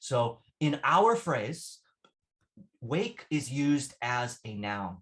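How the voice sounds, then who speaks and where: In a classroom English lesson, a man goes over vocabulary with patience and plenty of repetition, often asking "right?" to check understanding. His medium-pitched voice is sing-song and a bit bright, with drawn-out words.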